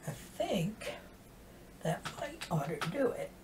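A woman's voice: medium pitch, very animated, takes it slowly. A woman, chatting casually through a makeup tutorial and often dropping into half-whispers as she works. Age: 60s. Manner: soft-spoken, drifting into half-whispers while working. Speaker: makeup vlogger. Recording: distant mic with faint background hiss.

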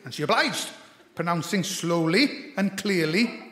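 A comedian host from Anglesey, Wales, tells stand-up comic stories with wry, dry asides. His voice sits high, expressive, pushed and bright at a measured pace, in an echoey hall with long reverb.

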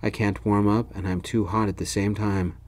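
A man's voice: fairly low pitch, flat delivery, moderate pace, lightly acted. A man voicing a sick, easygoing young man from England, with a congested, nasal voice, in a whispered role-play.

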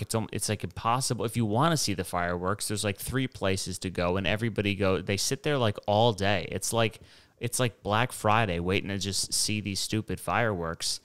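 Young guy rambling on his podcast, lowish smooth voice, dry close sound, swears a lot. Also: fairly bright tone, no echo. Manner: digressive, profane, mocking asides. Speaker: podcast host. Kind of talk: rambling solo monologue.

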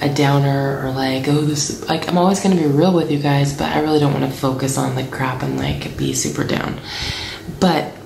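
A woman in her thirties telling a family travel story to camera in a chatty, animated way, acting out what people said. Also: sits low, gravelly, echoey room, a little hiss or hum, poor audio. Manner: chatty, animated, acts out quotes.

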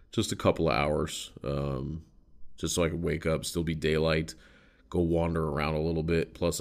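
A man's voice: very deep voice, creaky. An American man hosting a podcast, telling a story in a loose, rambling way with casual swearing. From United States. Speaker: podcast host.

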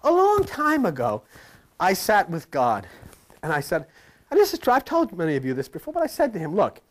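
An older man preaching a sermon to a congregation in a folksy, joking way, swinging between loud asides and low murmurs. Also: wildly swooping pitch, a little fast.

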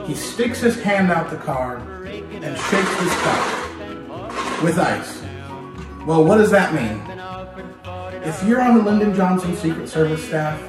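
Male history host, playful storyteller, slightly high voice, roomy distant sound, music under. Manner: lively, addresses listener directly, playful. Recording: very echoey room, distant mic, music behind.

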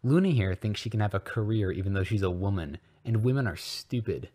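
A man's voice: lowish voice, expressive, brisk, mellow. A man voicing a smug young bigot who drawls.

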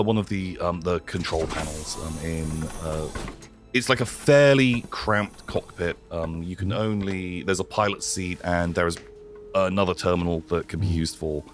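A man's voice: sits low, moderate pace, soft background music. A man narrating as game master in a hesitant way with many fillers.

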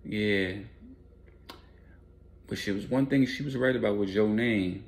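A man's voice: fairly low pitch, a little slow, natural voice. A man doing a cold young man out for revenge. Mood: menacing. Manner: blunt, profane street talk.

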